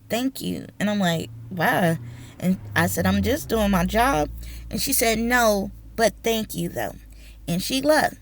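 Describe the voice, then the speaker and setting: A woman's voice: medium pitch, no room sound. A woman teacher telling a personal story, acting out the voices of the people in it. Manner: animated, acts out the voices in her story. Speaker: teacher and educational consultant.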